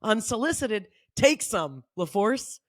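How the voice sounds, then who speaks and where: A woman's voice: mid-range voice, very animated, takes it slowly, no room sound, clean studio sound. A woman hosting her own podcast, giving off-the-cuff motivational talk in an emphatic, fired-up way, swearing freely and repeating phrases for emphasis. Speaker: podcast host.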